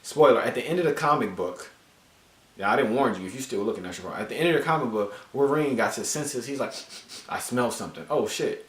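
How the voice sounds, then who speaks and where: A man's voice: mid-range voice, quick pace, recorded from a distance. Joking, cursing man in an echoey room. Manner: animated, joking, profane. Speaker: comic book reviewer. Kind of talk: casual video review. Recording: roomy echo, voice off-mic.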